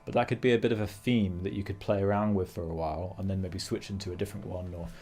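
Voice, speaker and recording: A man's voice: sits low, fairly even intonation, quick pace, darkish tone, husky. A man teaching a guitar lesson, explaining phrasing and singing rhythm syllables between his points. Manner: thinking aloud with fillers and restarts. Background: guitar playing.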